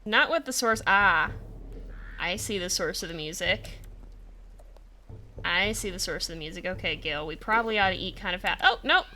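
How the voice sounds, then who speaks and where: A woman streamer chatting casually over a wolf game, laughing often and loudly, with a light lilt. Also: on the low side, normal speed, pauses often, slight background noise. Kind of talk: casual gameplay commentary.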